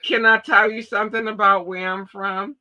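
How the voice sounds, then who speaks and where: A woman's voice: medium pitch, flat delivery, moderate pace, pushed and bright, poor audio. Blunt woman with a Baltimore accent. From Baltimore, USA. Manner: emphatic, blunt and profane. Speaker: podcast host. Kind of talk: casual chat.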